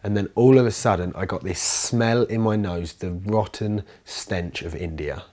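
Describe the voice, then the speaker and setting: A man with a fairly low voice tells his story in a loose, conversational way. He rambles, restarts his sentences and gets animated as he goes. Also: normal speed. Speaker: interviewee, commune resident. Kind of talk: casual storytelling interview.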